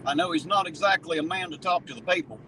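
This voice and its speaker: A man's voice: on the high side, fast talker, poor audio. A man hosting his channel, chatting casually and mockingly while he drives, swearing and laughing often. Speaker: channel host, auditor. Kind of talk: casual chat while driving. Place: inside a car. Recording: loud road noise in a moving car.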